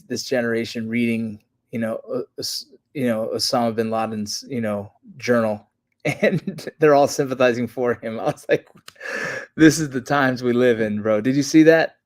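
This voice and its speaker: A man's voice: mid-range voice, steady tone, moderate pace, darkish tone, no echo. Earnest man in casual chat, dry sound. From United States. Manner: earnest, rambling, says "bro" and "man". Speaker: podcast guest, veteran.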